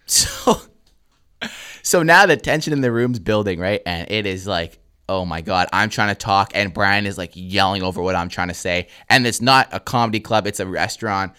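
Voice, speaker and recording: A young Canadian man co-hosting a podcast, telling a comedy-show story in a casual, animated way, swearing and acting out the crowd. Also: on the low side, moderate pace, clean tone. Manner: animated, swears a lot, acts out crowd voices.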